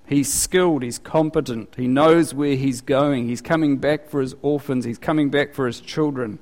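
A man preaching a sermon as pastor in a conversational, animated way, his voice climbing when he acts out questions. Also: moderate pace. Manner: conversational, animated, rising in pitch for quoted questions. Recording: long reverb of a large hall.

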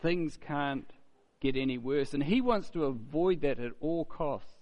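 A man's voice: fairly high pitch, measured pace, a little mellow. A man preaching a sermon in a conversational way, often asking "isn't it?" and repeating words as he goes.

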